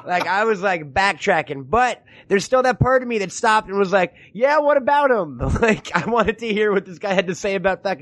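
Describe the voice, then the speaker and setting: A man hosts a loose, comedic podcast with a slightly raised voice. He jokes, swears freely and slips into quick impressions as he riffs. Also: high voice, expressive, a bit bright, no room sound. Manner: joking, profane, riffing impressions. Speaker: podcast host. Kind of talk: casual comedic chat.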